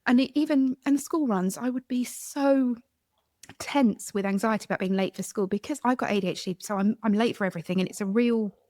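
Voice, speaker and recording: Woman host, middle-aged, chatty, self-deprecating, slightly high pitch. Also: brisk, a little mellow, no room sound, clean studio sound. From United Kingdom. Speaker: podcast host. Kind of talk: candid podcast conversation.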